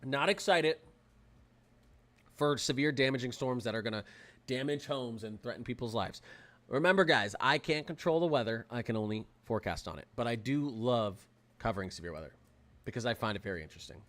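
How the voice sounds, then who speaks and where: A young man hosting a live weather stream, talking in an excitable, rambling way with lots of fillers and restarts. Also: mid-range voice, quick pace. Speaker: weather livestream host. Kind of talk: casual livestream commentary.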